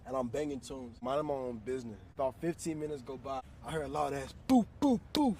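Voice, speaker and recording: A man's voice: mid-range voice, fast, distant mic, a little hiss or hum. Slangy young man telling a story. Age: 20s. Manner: slangy, animated, swearing freely. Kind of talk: casual storytime.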